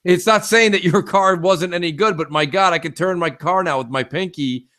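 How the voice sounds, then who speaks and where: Emphatic, opinionated male co-host with a slightly raised pitch, loose gaming talk. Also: normal speed, sharp tone. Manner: opinionated, emphatic, repeats "it is what it is". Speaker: podcast co-host. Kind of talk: casual gaming chat.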